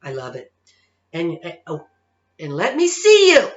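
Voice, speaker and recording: Woman, 50s, vlogger monologue; emphatic, lively pitch, echoey lo-fi recording. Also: a little slow. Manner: emphatic, keeps tagging lines with okay? and all right?. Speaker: psychic-medium vlogger. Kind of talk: casual monologue rant. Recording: roomy, dull lo-fi sound.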